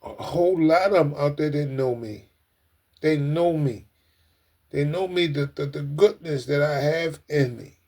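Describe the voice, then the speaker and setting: Talking a little slowly in a slightly high voice, this earnest livestream host addresses his viewers in a loose, casual manner. Emotion creeps in as he goes over his points again and again, repeatedly greeting the audience as ladies and gentlemen.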